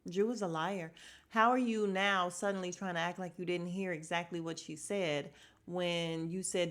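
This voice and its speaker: A woman's voice: fairly low pitch, normal speed. Gossipy woman recapping reality TV. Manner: animated, gossipy, laughs often. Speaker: podcast host.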